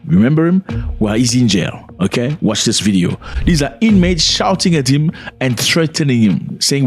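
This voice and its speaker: A man's voice: medium pitch, animated, moderate pace, breathy edge. A man giving casual video commentary, speaking conversationally and often putting questions to the viewer.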